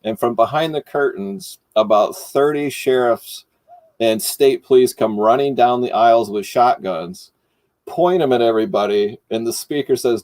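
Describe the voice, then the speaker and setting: A middle-aged man from Michigan, hosting and casually telling a story, animated and laughing as he goes. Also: mid-range voice, normal speed, dry recording. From Michigan, United States. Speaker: host.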